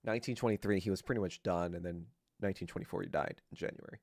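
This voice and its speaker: A man's voice: low voice, very fast, gravelly, a little mellow, no room sound, studio quality. A young man hosting a podcast livestream, ranting casually in a crude, joking, rambling way. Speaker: podcast host.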